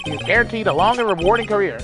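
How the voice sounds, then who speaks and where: A formal male TV news anchor reads the bulletin in a measured broadcast tone, voiced by a woman. Game music plays behind him. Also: mid-range voice, expressive, close to an everyday voice. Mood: urgent. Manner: formal newsreader delivery.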